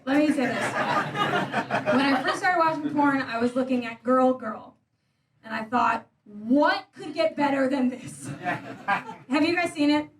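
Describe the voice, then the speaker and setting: A woman's voice: high-pitched, very noisy. A young woman performing a stand-up set in a conversational, self-deprecating way, often slipping into quoted voices. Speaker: stand-up comedian. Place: comedy club stage. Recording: roomy club sound from a distance, loud crowd laughter. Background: audience laughing.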